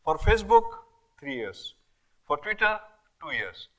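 An older man with an Indian English accent giving an academic lecture, emphatic and animated, with many rhetorical questions and fillers. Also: a little high, a little slow, low-quality recording. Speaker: guest lecturer. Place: lecture hall.

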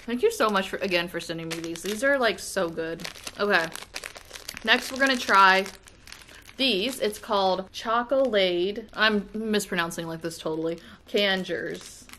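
An American woman vlogs from home in a casual, gushing way, breaking into excitable exclamations as she unboxes snacks. Her voice sits at a middling pitch. A faint hiss of noise runs under the recording. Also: moderate pace. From United States. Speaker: vlogger. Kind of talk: casual unboxing and taste-test chat.

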